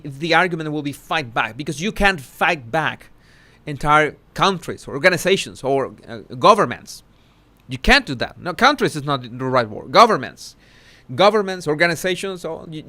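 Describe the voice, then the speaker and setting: Man, live social commentary host, casual, halting delivery, frequent self-corrections, slightly high pitch. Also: lively intonation, bright, forceful tone.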